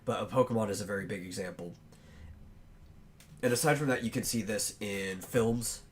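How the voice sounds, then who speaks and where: A man with a lowish voice hosts a casual podcast and talks his ideas through as he goes. He pauses often and fills the gaps with ums and likes. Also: a little hiss or hum. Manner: thinks aloud with long pauses and fillers; chews on bread while talking. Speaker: podcast host.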